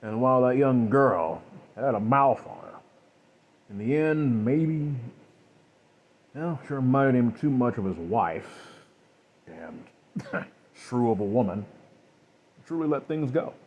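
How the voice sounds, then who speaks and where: Male storyteller, husky, rambling improvised delivery. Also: mid-range voice, lively intonation, takes it slowly, pauses often, narrow, tinny audio. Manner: rambling, with restarts and asides. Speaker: narrator.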